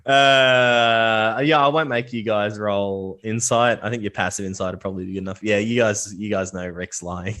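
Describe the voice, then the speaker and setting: Low-voiced man running a tabletop game. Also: fairly even intonation, moderate pace, hardly any pauses, sharp tone. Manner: rambling, loose narration full of fillers. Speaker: game master.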